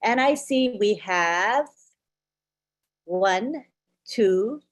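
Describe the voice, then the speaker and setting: A woman's voice: mid-range voice, animated, extremely slow. A woman hosting an online webinar, encouraging and wrapping things up with guests. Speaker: webinar host. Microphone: video call.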